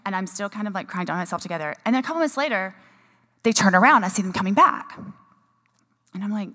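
Woman, mid-pitch, chatty emotional storyteller, long hall reverb. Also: animated, fast, long pauses, fairly bright tone. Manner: chatty and emotional, many restarts. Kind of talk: personal story in a talk.

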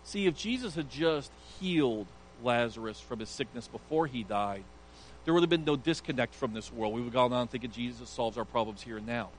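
A man's voice: mid-range voice, brisk, slight background noise, rough recording. A male pastor preaching an earnest sermon, emphatic and sometimes stumbling over restarts.

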